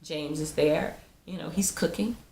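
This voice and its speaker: A woman's voice: low voice, measured pace, vocal fry, darkish tone, a little hiss or hum. A woman giving a chatty, casual recap of a TV episode, laughing often and acting out the characters' lines. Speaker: TV episode reviewer. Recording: roomy echo.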